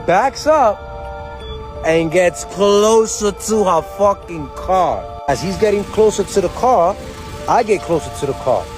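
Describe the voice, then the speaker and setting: A man tells a story from his car in a heated, animated rant full of swearing. His voice sits a little high for a man. Music plays clearly in the background. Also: measured pace, poor audio. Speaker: social media poster. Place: parked car.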